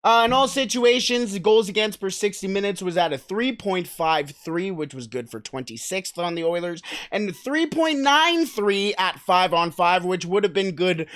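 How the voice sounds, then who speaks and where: A chatty man hosts a solo sports podcast in a relaxed, conversational way. He keeps putting questions to his listeners and moves around in his seat while he talks. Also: sits high. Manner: shifts about in his seat while talking. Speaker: hockey podcast host. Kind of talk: casual solo podcast commentary.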